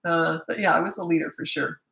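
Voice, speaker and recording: An older woman, a parenting coach, answering viewer questions in a quick, chatty live-stream Q&A from a phone. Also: deep voice, fairly even intonation, vocal fry, a bit bright. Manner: fast-talking, chatty. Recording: echoey room.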